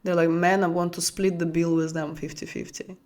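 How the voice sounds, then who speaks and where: A woman whose first language is Russian, giving an intimate teaching talk as a spiritual coach for women. She speaks softly and in a flowing way, searching for words and repeating them, and often drops to a hushed, near-whispered tone. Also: fairly low pitch, flat delivery, moderate pace.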